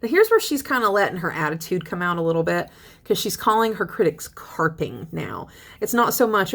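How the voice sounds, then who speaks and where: A young woman teaching a literature lesson in a chatty, lively way, reading poems aloud and paraphrasing them. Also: lowish voice, a little fast. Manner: chatty, animated paraphrasing with laughs. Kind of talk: casual lecture with poem readings.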